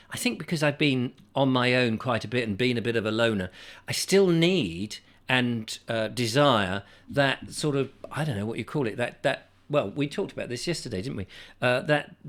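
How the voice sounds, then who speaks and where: A man's voice: medium pitch, a bit bright. A middle-aged man hosting a casual chat show, rambling and reading viewer comments aloud. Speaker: host.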